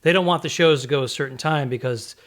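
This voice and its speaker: A man's voice: medium pitch, fast, a bit bright. A man co-hosting a comedy podcast, curious and asking follow-up questions. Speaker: podcast co-host. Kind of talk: casual interview chat.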